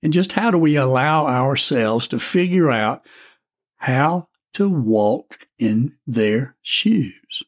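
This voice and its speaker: A man speaking as a storyteller, musing in a gentle way before he reads a story aloud. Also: mid-range voice, animated, slow. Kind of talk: reflective talk and storybook reading. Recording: faint music underneath.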